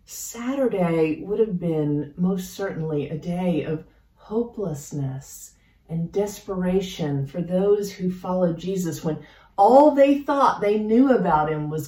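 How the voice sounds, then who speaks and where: A woman pastor preaching a sermon in a slow, measured, reflective way with dramatic pauses, recorded in a church sanctuary. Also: on the low side, mellow. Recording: roomy church sound from a distance.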